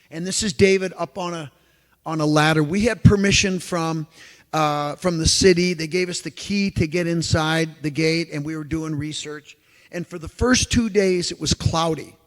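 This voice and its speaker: A man giving a lecture as an animated storyteller, who acts out the exclamations he quotes. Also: fairly high pitch. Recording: long hall reverb.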